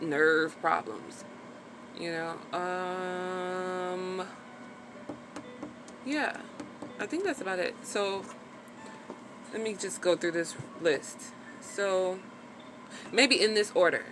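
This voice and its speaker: A woman with a lowish voice speaks frankly in a casual personal vlog about her recovery after giving birth. She's chatty, leans heavily on "like," and swears now and then, with noise audible in the background.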